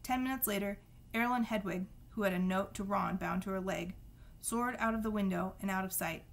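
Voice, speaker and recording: A woman reading a novel aloud at a steady storytelling pace, with a few small slips and restarts. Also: medium pitch, a little fast, vocal fry. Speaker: reader.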